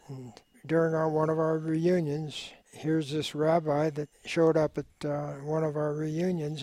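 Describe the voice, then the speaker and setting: A man's voice: on the high side, a little mellow, dry recording. Older man, war veteran, hesitant and reflective, dry sound. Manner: measured, reflective, hesitant with fillers. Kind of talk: oral history interview.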